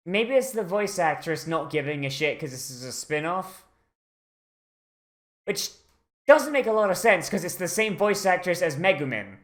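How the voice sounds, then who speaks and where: A streamer rambles through a casual anime watch-along, full of fillers and swearing. The voice sits at a middling pitch and is excitable. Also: moderate pace.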